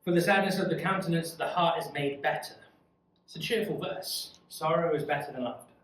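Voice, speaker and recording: A man's voice: fairly high pitch, fairly quick, fairly bright tone. A man leading a youth Bible study, teaching in an earnest, conversational way and putting questions to the group. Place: church room. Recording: echoey room from far off.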